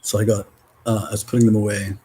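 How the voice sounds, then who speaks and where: A man in a casual spiritual vlog, reading oracle cards aloud, rambling and swearing, with loud and soft stretches. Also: lowish voice, little pitch movement, fast talker, husky, rough recording. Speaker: spiritual card reader.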